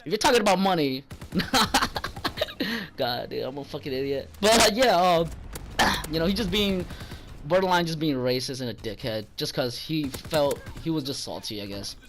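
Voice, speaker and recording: A man's voice: a little high, lively intonation, brisk, fairly bright tone, a little hiss or hum. A young man telling a profane, rambling story about a rude customer at work, getting heated when he quotes himself. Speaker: gaming channel vlogger. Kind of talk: casual storytelling.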